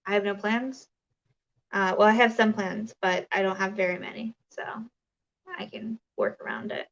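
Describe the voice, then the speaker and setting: A woman's voice: medium pitch, animated, normal speed, gravelly, a bit bright, muffled recording. A woman hosting a casual crafting livestream, chatting and reading viewer comments, rambling with many fillers and restarts.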